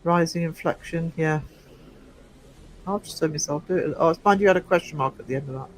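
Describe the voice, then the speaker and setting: A man's voice: on the high side, a little fast, faint music behind, poor audio. A man with a Northeast English accent, hosting a casual livestream and chatting to viewers in a rambling, teasing way. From England. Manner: chatty and rambling, teasing the chat with frequent fillers. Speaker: livestream host. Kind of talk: casual livestream chat answering viewer comments.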